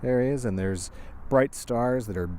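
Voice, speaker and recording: A man, an astrophotographer, answering interview questions in an earnest, slightly halting way. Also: medium pitch, a little mellow, slight background noise. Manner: earnest, plain, a bit halting. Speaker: astrophotographer guest.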